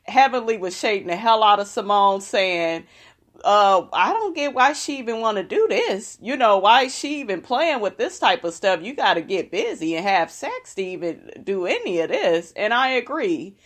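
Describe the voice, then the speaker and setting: A woman's voice: mid-range voice, big pitch swings, normal speed. Sassy profane woman recapping reality TV.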